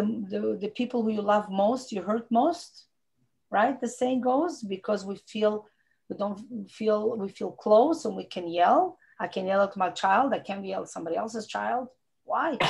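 A middle-aged woman speaks accented English in an informal Torah talk, leaning on repetition to drive each point home. Her voice is mid-pitched with a gravelly, creaky edge. She sounds like she is on a video call. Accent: non-native English. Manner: earnest, repeats phrases for emphasis. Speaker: rebbetzin teaching a women's class.

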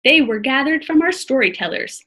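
A woman's voice: sits high, expressive, moderate pace, pushed and bright, heavily acted. A woman voicing a kind, welcoming monk in a read-aloud storybook. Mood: gentle. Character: kind, gentle elderly male monk.

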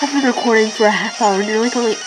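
High-pitched excitable woman gaming. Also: racing, rough recording. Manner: excitable, frustrated complaining at the boss. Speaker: gaming channel host. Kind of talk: let's-play commentary. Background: video game music.

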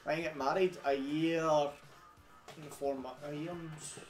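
A man's voice: on the high side, fairly even intonation, slow. A young Scottish man casually bantering with his mates as a podcast co-host, swearing freely and laughing often. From Scotland. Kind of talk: casual banter over beers. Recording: echoey garage with music behind.

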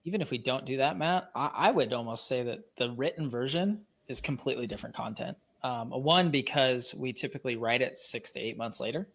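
A man's voice: mid-range voice, fairly bright tone. A man co-hosting a live online lesson in casual chat, acting out quoted reactions. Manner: fast, chatty, acts out quoted reactions. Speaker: co-host.

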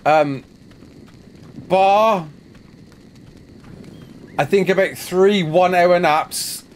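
A man's voice: sits high, very slow, a little hiss or hum. A tired man chatting casually and rambling as a gaming streamer, answering viewer questions while he plays. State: sleep-deprived. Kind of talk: casual live gameplay chat.

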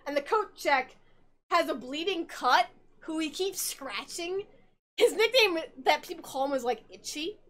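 A woman's voice: sits high, animated, measured pace, fairly bright tone. A tipsy woman hosting a podcast, rambling through a game's story in casual chat, giggling and swearing as she goes. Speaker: podcast host.

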